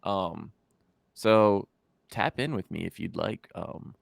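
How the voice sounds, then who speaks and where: A man's voice: low voice, expressive, slow, creaky, no echo. A man co-hosting a music review livestream in loose casual chat, full of fillers and dad jokes, on a close mic.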